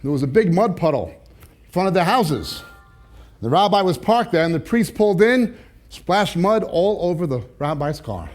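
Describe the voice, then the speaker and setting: A man preaching, telling jokes with animated timing and then reading scripture slowly and deliberately. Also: sits high. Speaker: pastor.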